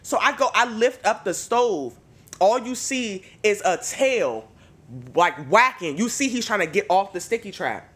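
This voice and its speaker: A man hosts a loose podcast chat and tells stories with a lot of swearing. His voice is bright and sharp, and his pitch rises and falls a great deal as he acts out each moment. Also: unhurried. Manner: animated, profane storytelling. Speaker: podcast host. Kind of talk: casual chat.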